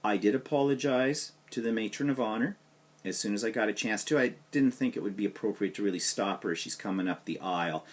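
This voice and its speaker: A man with a somewhat low voice tells a personal anecdote on his vlog. He talks casually and acts out the back-and-forth of the people in it. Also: fairly quick. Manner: animated anecdote with quoted dialogue. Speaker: vlogger.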